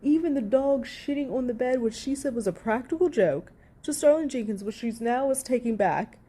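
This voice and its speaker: Profane ranting woman with a mellow voice. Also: on the high side, expressive, normal speed, breathy edge. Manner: heated, profane, sarcastic. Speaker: commentator. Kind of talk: ranting reaction commentary.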